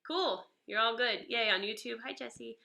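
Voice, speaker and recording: A woman's voice: fairly high pitch, moderate pace, vocal fry, sharp tone. A woman with a stuffy nose giving a chatty, upbeat live-streamed guitar lesson. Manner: chatty and upbeat, greeting viewers by name. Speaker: guitar teacher. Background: guitar playing.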